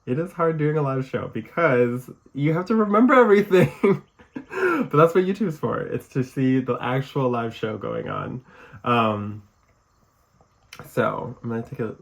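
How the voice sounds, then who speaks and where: A man's voice: medium pitch, lively intonation, unhurried, vocal fry. A man with a Michigan accent hosting a live podcast, talking casually in a rambling way and laughing often. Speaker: podcast host. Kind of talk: casual live-show chat.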